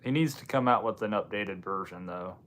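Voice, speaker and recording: A livestream host from Washington State, US, reads viewer comments and answers them loosely and offhandedly, tossing in dry asides. His voice is lowish and fairly bright, and he talks fairly quickly.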